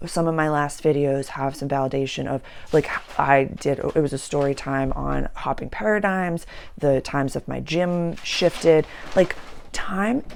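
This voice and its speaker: Low gravelly-voiced woman astrologer. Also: a little hiss or hum. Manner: earnest, slows down for emphasis, repeats words. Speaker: astrologer and channeler. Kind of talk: casual spiritual talk.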